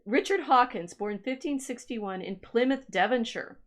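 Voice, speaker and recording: Animated and a little high-voiced, this woman co-hosts a livestream at a moderate pace. Her delivery is casual and musing as she reads old genealogy records aloud, stopping and restarting.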